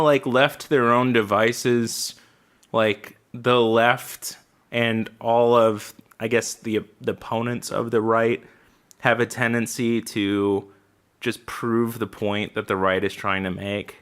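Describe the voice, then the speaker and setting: Bright-voiced joking podcast co-host man. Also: mid-range voice, slow, smooth. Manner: joking, animated, laughs often. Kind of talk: casual political chat.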